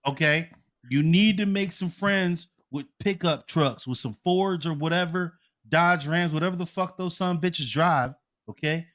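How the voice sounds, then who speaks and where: A man co-hosting a podcast, telling stories in a loud, profane, animated way. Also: a little high, a little slow. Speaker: podcast co-host. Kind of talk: casual podcast chat.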